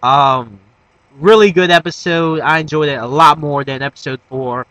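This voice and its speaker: A young man giving a casual episode recap, rambling with fillers and restarts, swearing, and breaking into excitable bursts. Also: a little high, moderate pace, dry recording, rough recording. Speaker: anime reviewer.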